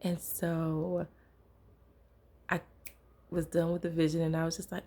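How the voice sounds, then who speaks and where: A woman giving an informal sermon in a casual storytelling manner. Her voice is gravelly and husky and sits somewhat low. She talks conversationally, as if among friends. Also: completely flat delivery, unhurried, dark tone. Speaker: preacher.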